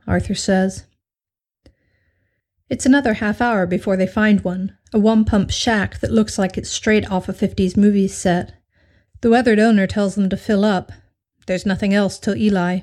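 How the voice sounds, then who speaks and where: A woman's voice: medium pitch, steady tone, normal speed, a little mellow. Woman reading a story aloud. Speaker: story reader. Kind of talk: reading fan fiction aloud.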